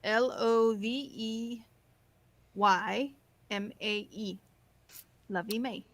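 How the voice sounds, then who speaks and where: A woman taking part in a casual group chat, matter-of-fact and quick to correct others. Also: on the high side, fairly bright tone, no echo. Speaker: chat participant.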